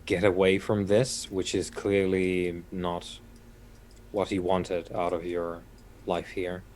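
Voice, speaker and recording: A man's voice: low voice, level tone, slow, darkish tone, slight background noise. A man playing a character in a tabletop game, speaking formally and unhurriedly with hesitations. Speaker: player.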